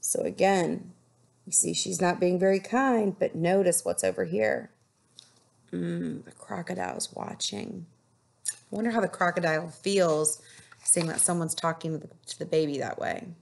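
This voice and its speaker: A woman teacher reading a picture book aloud to children, slow and expressive, stopping to ask the class questions. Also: on the low side, gravelly. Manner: slow, expressive storytelling with asides to pupils.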